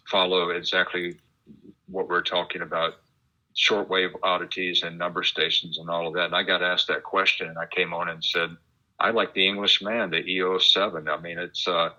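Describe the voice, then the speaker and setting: A man talking as a guest in a casual interview, chatty and animated, explaining things at length. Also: low-pitched. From United States. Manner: chatty, animated, laughs while imitating sounds. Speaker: guest, radio enthusiast and author. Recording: dull lo-fi internet call audio.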